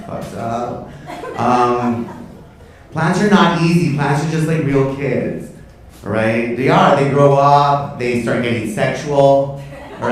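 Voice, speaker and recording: A man's voice: medium pitch, slow, distant mic. A man doing a stand-up set on a comedy club stage, brash, profane and camp, teasing the crowd. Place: comedy club stage before a live audience. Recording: echoey club, mic from afar, audience laughter.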